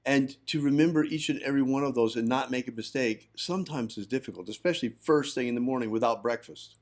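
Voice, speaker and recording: A man's voice: mid-range voice, fast. A man hosting a livestream and giving firm, instructive teaching on ritual practice. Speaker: host, magick teacher.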